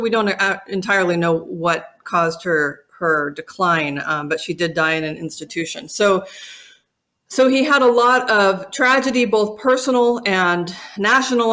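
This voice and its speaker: A middle-aged woman speaks at a conference keynote with an earnest, reflective storytelling manner. Her voice sits at an ordinary pitch for a woman. She delivers the talk steadily and sincerely. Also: a bit bright. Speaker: keynote speaker from a family company.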